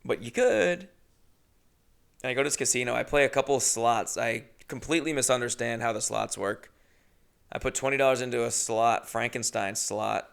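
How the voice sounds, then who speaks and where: A young man hosting a podcast, telling a comedic story in a rambling, profane, animated way. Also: mid-range voice, moderate pace, creaky, clean tone. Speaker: podcast host.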